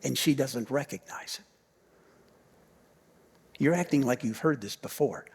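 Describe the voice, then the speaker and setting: Slow-speaking pastor in a reverberant sanctuary. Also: male voice, medium pitch, breathy edge. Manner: storytelling, swinging from loud emphasis down to near-whispers; repeats key phrases for emphasis. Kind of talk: sermon. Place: church sanctuary.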